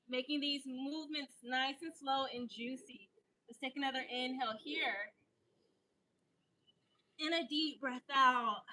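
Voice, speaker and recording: A woman teaching a guided yoga class, giving calm breath cues and slipping into casual, slangy chatter. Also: high-pitched, poor audio. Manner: calm cueing that breaks into chatty, animated asides. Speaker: yoga instructor.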